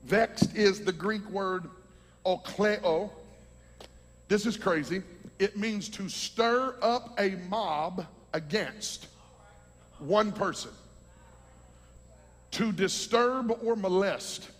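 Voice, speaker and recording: Man, preacher, very high voice, husky, fervent sermon, reverberant hall. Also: drawn-out words, pauses often. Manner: fervent, rising to shouts, teaching from scripture. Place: large hall with a congregation.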